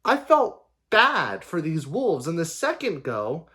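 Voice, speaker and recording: A man giving a casual opinion rant about an anime, animated and swearing freely, with playful mimicked voices. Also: a little high, takes it slowly, faint music behind. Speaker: anime commentary vlogger.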